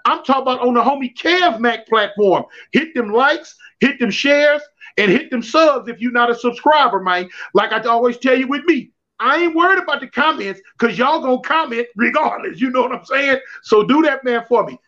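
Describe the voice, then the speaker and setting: High-voiced man telling stories in slang. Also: normal speed. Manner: slangy, repetitive, animated storytelling. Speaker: guest telling prison stories. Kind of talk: casual livestream storytelling. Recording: dull lo-fi livestream audio.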